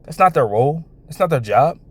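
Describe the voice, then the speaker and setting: A man talks through a video and reads out scripture, his pitch rising and falling a lot. He is animated, stumbles over repeated words and restarts his sentences, and often breaks into laughter between remarks. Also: fairly quick, breathy edge. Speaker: online commentator. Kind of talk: reaction commentary with scripture reading.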